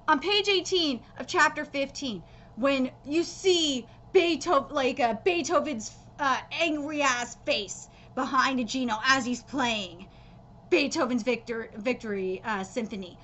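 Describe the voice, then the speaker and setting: A woman with a high, bright voice that jumps all over the place, ranting live about an anime. She sounds exasperated and swears freely, restarting her sentences and filling gaps with ums and uhs. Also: animated, measured pace, a little hiss or hum. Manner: exasperated, profane, emphatic, frequent fillers and restarts. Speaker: anime reaction streamer. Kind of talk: live reaction rant.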